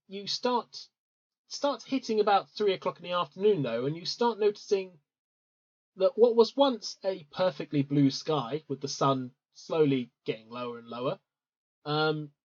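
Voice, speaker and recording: A game master narrating a tabletop game in an easygoing way, with many pauses and ums. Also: medium pitch, a little mellow. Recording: dull lo-fi recording.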